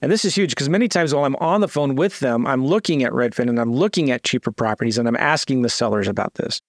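In a clean studio recording with no room sound, a man speaks fast at a medium pitch while teaching a real estate sales script via casual screen-share. He mixes plain talk, fillers and restarts with seller calls acted out in a lifted, eager voice.

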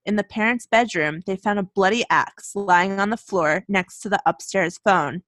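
A woman's voice: mid-range voice, moderate pace, fairly bright tone, no echo. A woman co-hosting a casual chat, reading a scary story aloud and breaking into laughter and jokes. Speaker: podcast co-host.

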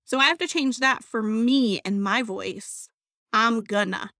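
A woman hosting her own podcast, talking in a chatty, friendly, animated way and acting out little quotes. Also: on the high side, a little slow, no echo, studio quality. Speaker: podcast host. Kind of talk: casual solo podcast talk.

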